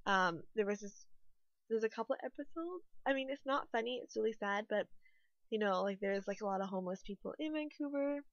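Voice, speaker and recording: A woman's voice: medium pitch, expressive, fairly quick, no room sound. Rambling young woman chatting, dull dry sound. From Canada. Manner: rambling, lots of "like" and "you know". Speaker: YouTuber, restaurant worker. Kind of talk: casual chat over a speed build.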